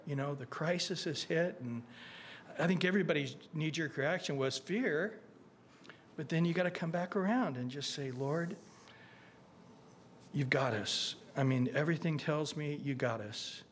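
A middle-aged male pastor delivering a conversational sermon in a fairly high voice. He talks in an earnest, folksy way, stumbling over restarts. He slips into acted-out prayers and asides. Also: slight background noise.

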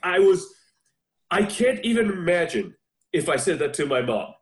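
A man in his forties hosting a casual chat over a video call, an animated storyteller who laughs often. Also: high voice, moderate pace. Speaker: podcast host. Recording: roomy echo.

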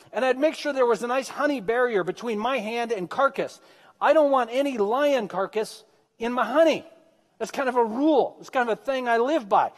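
A man's voice: very high voice, in a large hall. A man preaching a sermon, retelling a scripture story with joking asides to his congregation. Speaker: pastor. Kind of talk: humorous sermon.

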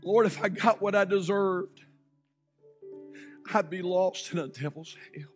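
A man preaching a sermon from a church pulpit, telling a story dramatically with sudden hushed drops and loud shouted peaks, then leading prayer. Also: high-pitched, measured pace, soft background music. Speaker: pastor.

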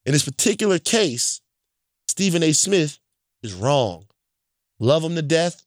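A man's voice: a little high, sing-song, measured pace, no echo. Brief: blunt, emphatic male storyteller from Louisiana, casual, dry close mic. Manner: emphatic, repeats points, checks in with "right?"; profane and blunt.

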